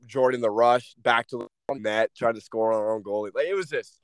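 A man's voice: medium pitch, fairly quick, a little hiss or hum. A young man, a former hockey player, telling rambling stories as a podcast guest. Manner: rambling, restarts, lots of "like" and swearing. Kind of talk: casual storytelling.

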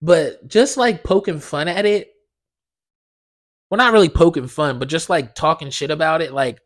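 A young man hosting a podcast, telling a dream story in a casual, animated way, swearing a lot and acting out the dialogue. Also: on the high side, moderate pace. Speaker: podcast host.

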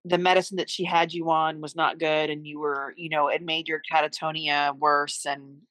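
A woman's voice: sits low, little pitch movement, moderate pace, fairly bright tone, dry recording, poor audio. A middle-aged woman, a mother appearing as a podcast guest, recounting a family story in earnest, heartfelt conversation.

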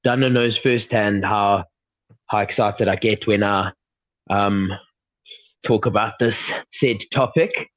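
A man's voice: fairly low pitch, fairly even intonation, slow, fairly bright tone. A man co-hosting a podcast in casual chat, eager and gushing as he talks. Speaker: podcast co-host. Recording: dull, dry sound.

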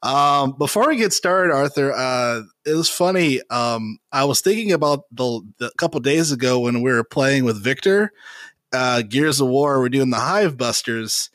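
A man's voice: medium pitch, expressive, normal speed, a bit bright, no echo. A man hosting a casual gaming podcast, rambling with lots of fillers and frequent laughter. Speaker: podcast host. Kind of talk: casual chat.

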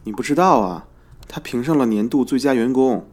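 A man's voice: medium pitch, expressive, a little fast, a little mellow, faint music behind, lightly acted. A man voicing a young male office worker who shares news in a matter-of-fact way, in a scripted lesson dialogue.

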